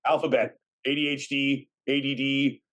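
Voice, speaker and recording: Podcast co-host, man, forties, rambling casual talk, middle pitch. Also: level tone, moderate pace, a bit bright. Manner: rambling, many fillers and restarts. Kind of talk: casual chat.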